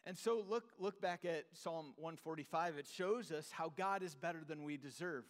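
A man preaching in a church, his slightly high voice ringing with a long hall reverb. He talks earnestly, repeats key phrases, and sinks into soft, low tones to drive a point home. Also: moderate pace. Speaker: pastor. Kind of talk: sermon.

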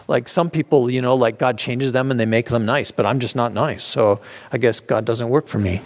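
A man teaches a small group in an everyday, conversational way. He restarts his sentences often and acts out the excuses people make in quick put-on voices. His pitch sits in the middle range. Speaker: Bible study leader. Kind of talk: informal teaching.

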